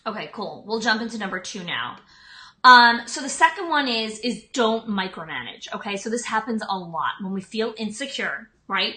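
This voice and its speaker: Sharing leadership advice on a live stream, this woman in her thirties talks chattily with frequent "like" and "um" fillers. Her medium-pitched voice is expressive, bright and forceful, and she keeps a moderate pace.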